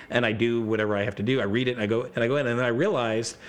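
A man's voice: fairly low pitch, very fast, hardly any pauses. A middle-aged man chatting casually as a podcast guest, rambling through gaming stories and acting out quotes. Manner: rambling storyteller, acts out quotes. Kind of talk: casual chat.

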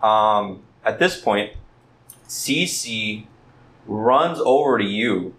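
A man running a tabletop game as game master, narrating in a halting, easygoing way with many fillers. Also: lowish voice, animated, fairly bright tone.

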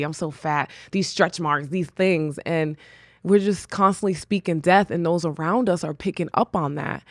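A woman's voice: on the low side, no echo, clean studio sound. A woman hosting her own podcast, giving an earnest, personal, faith-based encouragement talk drawn from her own experience. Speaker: podcast host.

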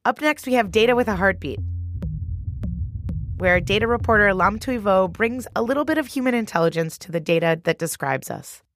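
A woman's voice: mid-range voice, animated, brisk. A woman hosting a news podcast in a bubbly, playful way, laughing easily with her guest. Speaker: podcast host.

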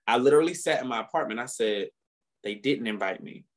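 A man co-hosting a podcast, chatting casually and telling stories animatedly, often laughing and rising in pitch when indignant. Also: brisk. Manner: animated storytelling with frequent laughter. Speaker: podcast co-host. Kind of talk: casual chat.

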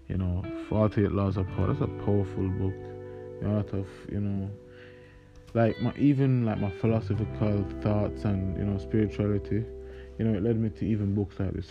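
Over plucked guitar in a dull lo-fi recording, a young Jamaican-raised man hosts a podcast of casual reflection and readings. His fairly low, gravelly voice stumbles along hesitantly, thick with fillers.

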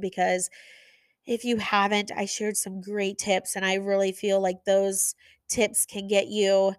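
Passionate, energetic woman podcast host. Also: mid-range voice, dry recording, clean studio sound. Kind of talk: motivational podcast monologue.

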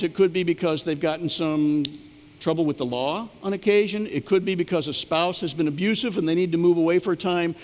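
A man's voice: sits high, in a large hall. A middle-aged man, a pastor, preaching a sermon and telling stories that act out the voices of the people in them. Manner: storytelling, acts out quoted voices.

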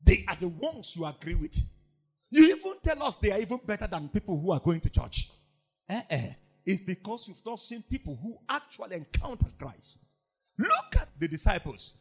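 A man preaching a sermon as pastor, swinging from loud emphatic lines to low mocking asides. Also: sing-song, moderate pace, slightly rough.

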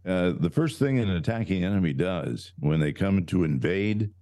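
Low-voiced co-host guy, swoops up and down a lot, warm mellow tone, emphatic. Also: normal speed. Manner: animated, emphatic, trails off and restarts. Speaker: podcast co-host. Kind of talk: casual talk show chat.

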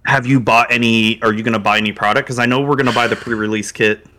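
Bright voice, middling pitch, easygoing, agreeable, quick interjections. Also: steady tone. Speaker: card game podcast co-host. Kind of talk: casual chat, card set review.

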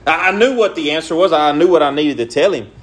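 A man's voice: fairly high pitch, quick pace. A young man preaching a sermon in an earnest, repetitive way, with folksy, casual grammar.

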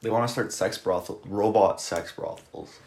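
A man's voice: fairly low pitch, fairly even intonation, moderate pace, a little mellow, slight background noise. A young man in casual chat, laid-back and blunt. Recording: echoey room.

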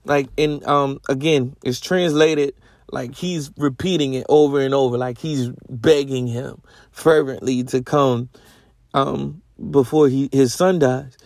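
A man's voice: medium pitch, steady tone, unhurried, a little mellow, no room sound, clean studio sound. A man hosting a podcast, teaching the Bible in a casual, rambling way with lots of slang and self-corrections. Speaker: podcast host.

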